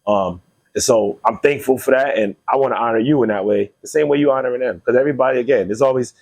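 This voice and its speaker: Male podcast host, quick, raspy-edged delivery, earnest storyteller. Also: mid-range voice, darkish tone. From Connecticut. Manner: earnest, storytelling, laughs easily. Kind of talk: casual conversation.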